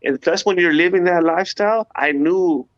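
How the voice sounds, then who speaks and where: A man, an interview guest, giving a personal testimony in an animated, slangy storytelling way, acting out sounds as he goes. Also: sits high, normal speed, no echo. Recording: dull lo-fi dry sound.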